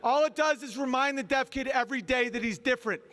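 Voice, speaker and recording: A man's voice: very high voice, quick pace, a bit bright, a little hiss or hum. A man doing a stand-up comedy set, rambling and mocking with a lot of swearing.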